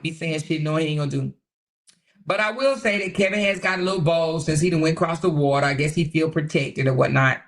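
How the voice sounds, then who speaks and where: A woman hosting a livestream, reading viewer comments in casual chat that is animated, laughing and gossipy. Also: low voice, fast talker. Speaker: livestream host.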